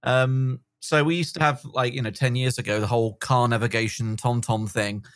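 A man's voice: medium pitch, normal speed, no room sound. Laid-back middle-aged man, guest on a casual podcast, full of ums and ahs, close and dry. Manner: relaxed, many fillers.

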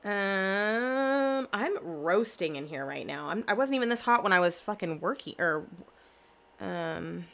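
A young woman chatting casually to her camera at home, animated and swearing freely as she tells stories. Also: medium pitch, unhurried, gravelly. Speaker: vlogger. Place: home room.

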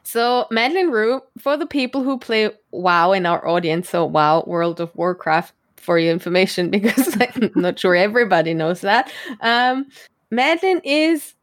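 A woman's voice: medium pitch, lively intonation, moderate pace. A woman who is not a native English speaker, hosting a podcast in a bubbly, giggly, self-teasing casual chat. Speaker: podcast host.

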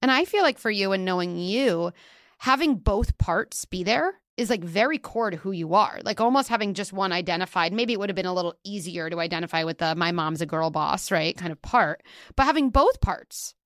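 A woman hosting a podcast who talks in a reflective, affirming way. Her voice sits a little low, and the recording is dry and close, with no room sound. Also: lively intonation, fairly quick, fairly bright tone, no room sound. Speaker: podcast host. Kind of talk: podcast conversation.

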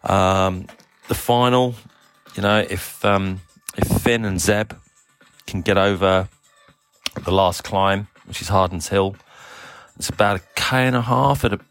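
A middle-aged man with a low voice and an accent that blends Australian, South African and English sounds. He talks loosely and casually in an audio diary, often pausing on um and uh. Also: smooth, soft background music. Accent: mixed Australian, South African and English. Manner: relaxed, rambling, many ums and uhs. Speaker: cycling team manager.

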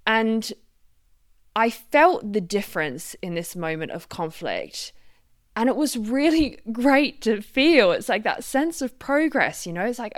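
A woman hosting a solo self-help podcast, reflective and gently guiding, sharing personal stories. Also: on the high side, animated, unhurried, no echo, clean studio sound. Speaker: podcast host.

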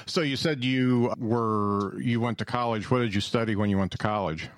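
A man's voice: lowish voice, moderate pace, no room sound. A man interviewing a guest, asking short questions and giving encouraging replies. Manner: brief encouraging backchannels and questions. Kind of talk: casual interview.

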